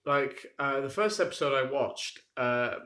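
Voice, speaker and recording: A man's voice: mid-range voice, animated, a little slow, sharp tone. A young man co-hosting a podcast, telling long rambling stories in casual chat and laughing at his own tangents. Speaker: podcast co-host. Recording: roomy echo.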